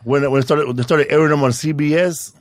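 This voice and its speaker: A man's voice: fairly high pitch, steady tone, quick pace, dry recording, studio quality. A middle-aged man hosting a podcast, chatting casually with a playful, teasing tone, swearing and calling his guest bro. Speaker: podcast host, comedian. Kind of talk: casual chat.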